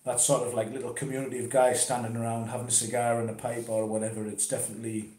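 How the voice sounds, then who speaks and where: An easygoing man chats loosely at a mid pitch, dropping the odd curse word. He sounds relaxed, as if talking at home. His voice rings in a hard, echoey room. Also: quick pace. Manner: chatty, laid-back, swears casually. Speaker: interviewee talking about pipe smoking. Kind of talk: casual chat. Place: conservatory at home.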